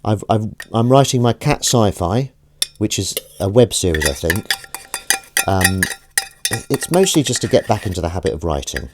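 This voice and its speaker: A man's voice: on the low side, very animated, moderate pace, heavy background noise. A man chatting casually on a live stream while washing up, rambling and self-mocking, sometimes cooing at his cat. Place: home kitchen. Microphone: desk microphone.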